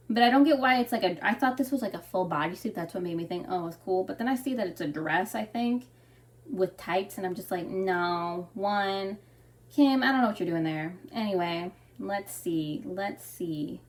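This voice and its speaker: A woman's voice: mid-range voice, distant mic. A young woman ranting in a casual, opinionated way, full of fillers and restarts. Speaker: fashion commentary vlogger. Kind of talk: casual rant.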